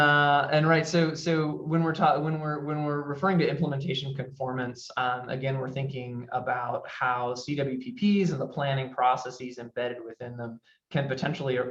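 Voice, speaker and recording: A man presenting research in a webinar, halting with frequent fillers. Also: medium pitch, roomy sound, dull audio.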